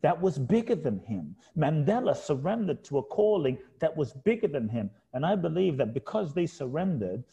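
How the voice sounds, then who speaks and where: This middle-aged man, interviewed as a guest author, recounts a reflective personal story with heartfelt earnestness, leaning on repeated key words for emphasis. He sounds fairly high, sing-song, gravelly yet mellow, at a moderate pace with few pauses.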